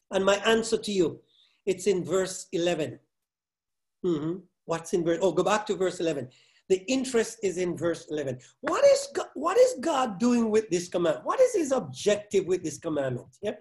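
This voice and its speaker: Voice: mid-range voice, a little mellow. A pastor giving a sermon, hammering key words over and over and firing questions at the congregation. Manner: halting restarts, then building force.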